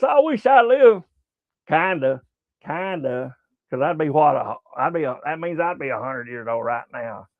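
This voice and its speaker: A rambling, folksy man with a Southern American accent chats through a sports livestream, his voice sitting a little high. The sound is thin and phone-like, and the room is very dry. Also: no echo. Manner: rambling, folksy, many fillers. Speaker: sports show host. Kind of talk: casual livestream chat. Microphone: webcam livestream setup.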